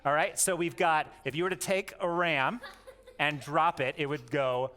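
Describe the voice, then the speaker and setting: A man's voice: on the high side, fairly even intonation, moderate pace, sharp tone, raised voice. A man giving a playful home lesson to his young daughters, coaxing them to repeat words and joking as he goes. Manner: goofy, jokey, coaxing. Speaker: homeschooling parent teaching his daughters.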